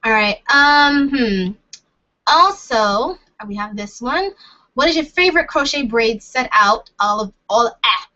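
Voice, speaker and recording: A young woman talks loosely to her viewers in a chatty, rambling way, often poking fun at herself. Her voice sits a little high and rings bright. The recording is dull and lo-fi. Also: animated, measured pace. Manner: chatty and rambling, self-deprecating, laughs often. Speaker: vlogger answering viewer comments. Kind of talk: casual live Q&A chat. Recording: dull lo-fi sound.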